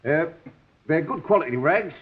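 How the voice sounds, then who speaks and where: A man's voice: on the high side, animated, moderate pace, close to an everyday voice. An actor playing a shy, apologetic rag-and-bone man, hesitant and stammering. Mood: awkward. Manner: hesitant and stammering, many fillers. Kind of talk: 1960s television sitcom acting. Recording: tinny narrow 1960s TV sound.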